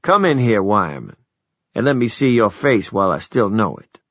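A man's voice: on the low side, big pitch swings, moderate pace, no room sound. A man voicing a very old, frail woman with a cracked voice. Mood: tender. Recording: dull, dry audiobook recording.

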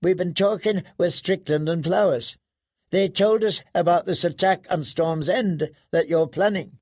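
A cocky young prince, played by a man reading an audiobook speaks with brash self-assurance. His voice sits clearly higher than the narration, with a husky, gravelly grain in a dry, close recording. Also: measured pace, darkish tone, no echo. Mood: insistent. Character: proud, eager young prince.

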